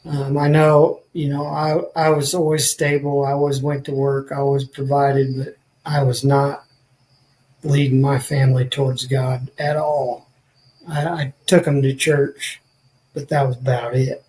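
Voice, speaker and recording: A man's voice: medium pitch, level tone, a little slow, a little mellow, low-quality recording. A man, a podcast guest telling his life story in an earnest, rambling way with many restarts. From rural northwest Missouri.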